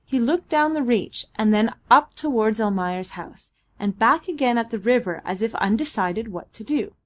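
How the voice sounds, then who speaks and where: A woman giving a steady, even audiobook narration. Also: on the high side, normal speed. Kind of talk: scripted narration.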